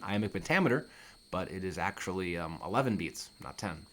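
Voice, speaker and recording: A man's voice: low-pitched, animated, quick pace, slight background noise. A man teaching a play line by line, reading each line and then paraphrasing it plainly, with fillers and restarts. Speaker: literature teacher. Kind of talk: explanatory lesson.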